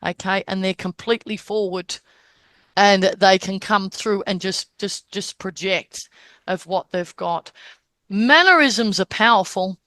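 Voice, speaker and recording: Speaking at an unhurried pace in a mid-range, sharp-toned voice, this woman medium explains how to recognise spirit communicators. She keeps checking in with "Okay?" and performs the spirits' words and gestures as she teaches, and there's no room sound.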